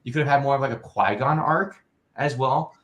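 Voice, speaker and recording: A man talking loosely and at length, filling his points with "you know" and "like". His voice sits at an ordinary middle pitch and carries a noticeable echo from the room around him. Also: brisk. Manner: rambling, lots of "you know". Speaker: podcast co-host. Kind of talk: casual chat.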